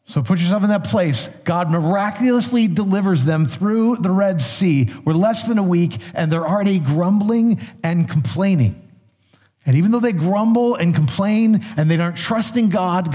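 A man's voice: sits high, expressive, normal speed, dark tone. A male pastor giving a sermon, retelling scripture in an easygoing, conversational way with small restarts. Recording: long hall reverb.

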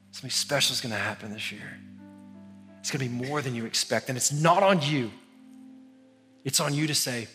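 A man in his thirties preaching a sermon in a church, talking casually and animated, often asking the congregation questions. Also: a little high, brisk, pauses often, soft background music. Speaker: pastor.

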